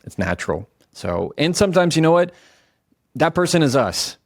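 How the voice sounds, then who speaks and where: A man giving casual advice on calming heated conversations, talking conversationally and slowing his words for emphasis. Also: fairly high pitch, dry recording, studio quality. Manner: conversational, self-correcting, slows down for emphasis. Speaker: communication coach. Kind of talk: casual instructional talk.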